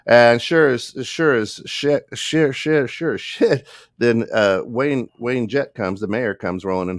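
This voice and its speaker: A man's voice: medium pitch, unhurried, no echo, studio quality. A man co-hosting a podcast, telling a story in a casual way and acting out the other people in it. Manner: animated, acts out the other people in his story. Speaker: podcast co-host.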